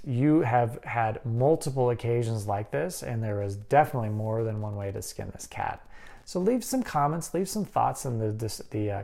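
A man's voice: mid-range voice, vocal fry, darkish tone. A man hosting a podcast, talking earnestly and conversationally, often checking in with a "right?". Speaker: podcast host. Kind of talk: casual advice talk.

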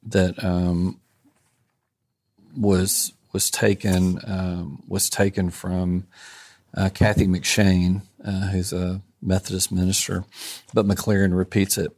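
A man co-hosting a faith podcast, thoughtful and halting, reading a blessing slowly and deliberately. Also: low voice, little pitch movement, a little mellow. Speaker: podcast co-host. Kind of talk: reflective faith podcast conversation.

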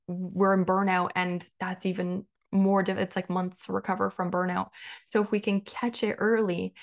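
Gravelly-voiced woman hosting a podcast. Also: mid-range voice. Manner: conversational, repeats phrases for emphasis. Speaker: podcast host. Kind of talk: solo podcast talk.

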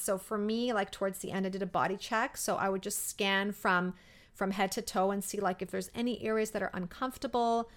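A woman in her thirties hosting a podcast, telling a personal story in a heartfelt, emotional way, with many fillers and pauses. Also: medium pitch. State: emotional, near tears. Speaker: podcast host.

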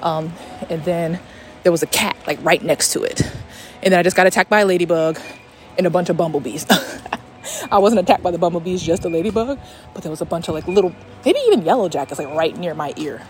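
A young woman talks through a personal story on her podcast, animated and loose, cursing and restarting her sentences as she goes. Her voice sits on the lower side. Faint outdoor noise runs behind her as she walks. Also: fairly quick. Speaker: podcast host. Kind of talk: casual storytelling monologue. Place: walking outdoors.

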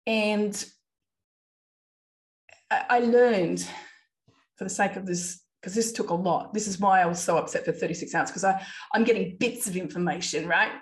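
Woman, podcast host, earnest, emotional personal storytelling, quotes dialogue, mid-pitched voice. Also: normal speed, long pauses.

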